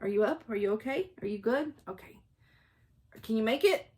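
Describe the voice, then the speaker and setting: A woman's voice: a little high, expressive, brisk, a little mellow, breathy edge. A woman hosting a casual show-and-tell chat about stitching, laughing often and stopping to talk to her dogs. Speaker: flosstube host.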